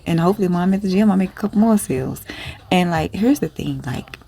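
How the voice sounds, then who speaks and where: A woman's voice: lowish voice, lively intonation, fast, creaky, warm tone, husky. A woman who sells clothes online, talking in a casual vlog in a rambling, blunt, profane way. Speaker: small online clothing seller.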